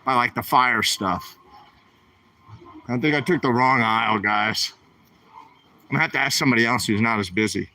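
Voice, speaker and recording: A man's voice: medium pitch, normal speed, pauses often, sharp tone. A man, streaming while he walks the aisles of a store, chatting and asking his viewers questions. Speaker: vlogger. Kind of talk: livestream vlog while shopping.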